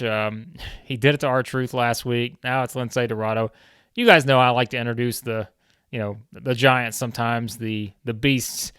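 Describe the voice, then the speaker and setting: Smooth-voiced man recapping a game. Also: medium pitch, a bit bright, no room sound, studio quality. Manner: chatty recap with frequent fillers. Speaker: gaming video host. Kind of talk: casual game commentary.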